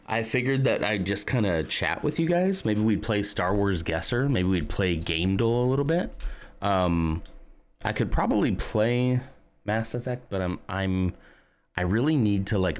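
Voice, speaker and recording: A man in his thirties, a streamer chatting casually with his viewers in a rambling way. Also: on the low side. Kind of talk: casual chat.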